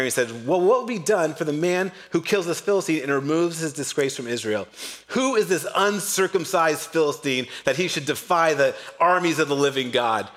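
A male pastor preaches a sermon with a voice a bit higher than most men's. He is animated and slips into other voices to act out the people in his story. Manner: animated, acts out characters with shifting voice.

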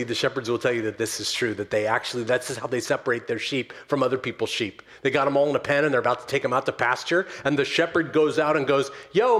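A pastor preaches to his church in the sanctuary, swinging from loud, emphatic stresses down to soft, slow closing words. His voice is mid-range.

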